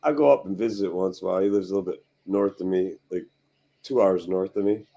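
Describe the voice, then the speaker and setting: A middle-aged man hosting a garage show, ranting and swearing as he tells animated stories in casual chat. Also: low voice, fast talker. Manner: profane, ranting, animated storytelling.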